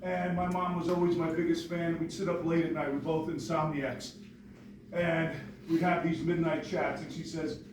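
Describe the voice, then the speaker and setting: Guy in his 40s from new york telling his story to a crowd, kinda high voice, far off mic, noisy echoey hall. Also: normal speed. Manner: lively, joking, storytelling. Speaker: motivational speaker. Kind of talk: storytelling speech to an audience. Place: large hall with audience.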